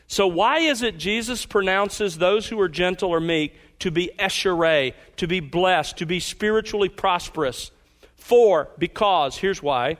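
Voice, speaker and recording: A man preaching as pastor, earnest, asking his listeners pointed questions and slowing down for emphasis. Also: high-pitched, animated, a bit bright. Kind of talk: sermon.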